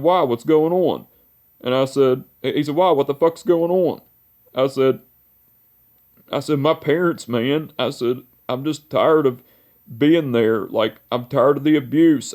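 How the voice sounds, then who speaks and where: A man's voice: mid-range voice, darkish tone. Heartfelt young man, rambling memories. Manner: rambling, repeats "I said" and "you know"; emotional, heartfelt. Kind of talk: personal memorial vlog, storytelling.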